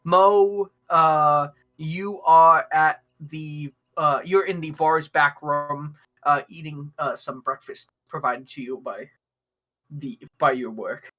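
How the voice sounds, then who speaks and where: A young man running a tabletop game as game master, talking in halting stretches with many fillers. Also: on the high side, fairly even intonation, sharp tone. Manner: hesitant, many fillers and restarts.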